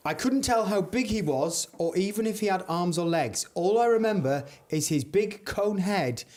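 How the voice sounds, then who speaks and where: A man's voice: high voice, lively intonation, normal speed, darkish tone. A young adult man hosting a comedic podcast, reading strange news stories with mock-dramatic delivery. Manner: dramatic storytelling reads, playful banter. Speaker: podcast host.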